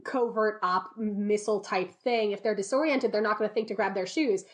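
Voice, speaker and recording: A woman's voice: mid-range voice, a little fast. Storytelling woman podcast host. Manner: storytelling, acts out quotes in voices. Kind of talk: casual chat.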